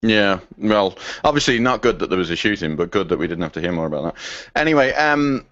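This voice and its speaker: A man's voice: lowish voice, fast talker, no room sound, muffled recording. A man co-hosting a podcast in casual chat, laughing often and slipping into funny voices. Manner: laughing, lively, does funny impressions. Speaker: podcast co-host.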